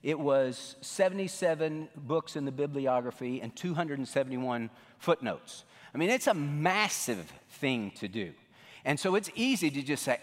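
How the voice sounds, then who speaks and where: A middle-aged man preaching a sermon as pastor, telling stories in a folksy way and acting out what people said. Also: on the high side. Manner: folksy storytelling, animated quoting. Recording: long reverb of a large hall.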